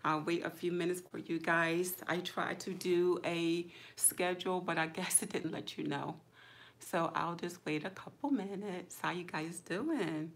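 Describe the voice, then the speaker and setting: A woman's voice: a little slow, slight background noise. Chatty woman greeting her live viewers. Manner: chatty, greets viewers by name with excited high exclamations; relaxed, drawling, informal speech. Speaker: YouTube livestream host.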